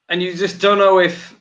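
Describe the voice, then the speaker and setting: A man's voice: high-pitched, flat delivery, measured pace, highs cut off, noisy background. A man on a video call telling a story with laughter in casual podcast banter. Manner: storytelling, mimicking others with laughter.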